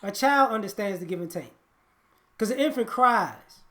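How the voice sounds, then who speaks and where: A man's voice: high voice, expressive, normal speed, bright, forceful tone. A man giving a blunt, preachy monologue on relationships, often repeating and restarting his words. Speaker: relationship commentator.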